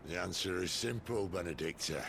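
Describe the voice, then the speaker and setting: Brief: stern cold game commander, very deep gravelly voice, raspy and sharp. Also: male voice, brisk, full character voice.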